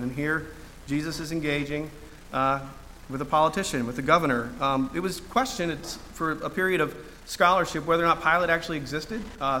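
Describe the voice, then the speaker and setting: A man's voice: fairly high pitch, pushed and bright, a little hiss or hum. A man preaching a sermon in a conversational way, full of fillers and restarts, with dry humor.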